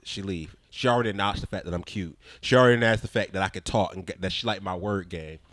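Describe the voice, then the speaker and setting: A man's voice: low voice, fast talker, no room sound. A young man co-hosting a podcast, telling a story in a blunt, direct way and acting out both sides of the conversation. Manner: animated, acts out both sides of conversations in quoted voices. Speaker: podcast co-host. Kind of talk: casual storytelling chat.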